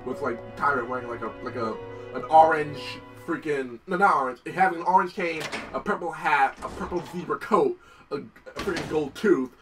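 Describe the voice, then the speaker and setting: A man giving casual let's-play commentary, excitable, swearing often and talking to the game characters. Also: fairly high pitch, normal speed, distant mic, over music, low-quality recording. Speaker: gameplay commentator.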